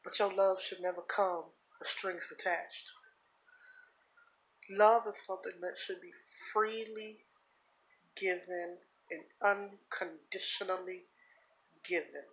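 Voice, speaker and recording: A woman speaking in a personal confessional vlog, earnest and heartfelt, holding back tears, with halting repeats. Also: lowish voice, steady tone, poor audio. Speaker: vlogger.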